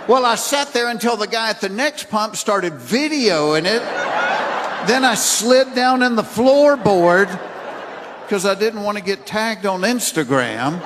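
A man doing stand-up, telling an exasperated, incredulous story. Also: extremely high pitch. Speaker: stand-up comedian. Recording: reverberant hall with noise.

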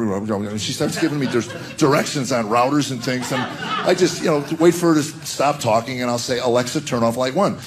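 Folksy comedian telling stories. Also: male voice, medium pitch, moderate pace, a crowd in the background. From rural Tennessee. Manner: folksy, acts out voices in his stories. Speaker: stand-up comedian. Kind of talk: stand-up storytelling.

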